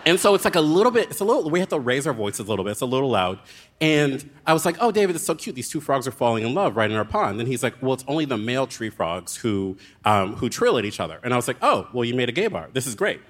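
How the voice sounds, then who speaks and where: A man telling a dramatic, comic story as a guest author on a live show, with quick asides. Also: mid-range voice, big pitch swings.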